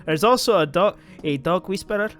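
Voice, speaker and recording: A man's voice: sits high, expressive, brisk, fairly bright tone, faint music behind. A man reading a visual novel's character lines aloud in a playful put-on accent, laughing and joking with his co-host. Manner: playful, drawling, laughs often. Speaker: let's play co-host voicing characters.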